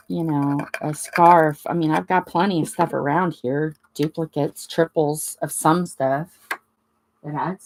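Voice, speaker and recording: A woman hosting a crafting chat, telling a rambling story in a casual way and acting out the dialogue. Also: deep voice. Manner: rambling, animated retelling with quoted dialogue. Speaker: crafting channel host.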